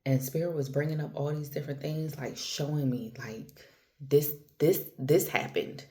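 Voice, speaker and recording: A woman's voice: low-pitched, fairly even intonation, normal speed. A woman talking casually and from the heart to her viewers, slangy and personal, calling the listener girl and baby. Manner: slangy, conversational, trails off and restarts; grows softer and more intimate toward the end. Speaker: spiritual vlogger. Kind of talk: casual heartfelt monologue to camera.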